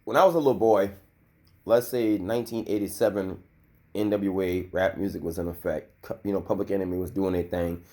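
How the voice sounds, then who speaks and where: A man's voice: low-pitched, fairly even intonation, a little fast, a little mellow. A man in his thirties giving a loose, heated and profane commentary rant, full of filler. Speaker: vlogger.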